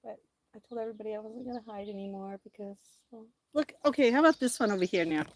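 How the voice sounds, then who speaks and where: A middle-aged woman hosting a casual livestream outdoors, chatty and excitable, talking straight to her viewers. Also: mid-range voice, fast, dry recording. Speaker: livestream host.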